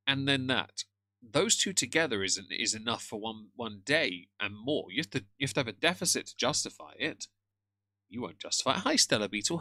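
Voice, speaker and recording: Male streamer, bright tone, jokey banter with chat. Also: medium pitch, dry recording. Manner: greets chat members by name, jokey. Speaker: streamer reacting to a video. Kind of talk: casual live-stream chat.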